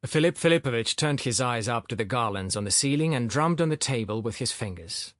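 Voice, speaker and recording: Expressive male audiobook narrator. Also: mid-range voice, brisk, dry recording, studio quality. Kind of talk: scripted narration.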